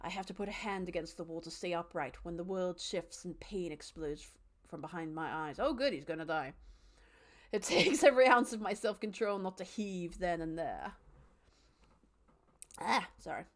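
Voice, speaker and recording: A young woman with a fairly low voice, speaking at normal speed, streams a live let's-play. Chatty and animated, she reads the game's narration with dramatic flair and talks to her cat and her viewers.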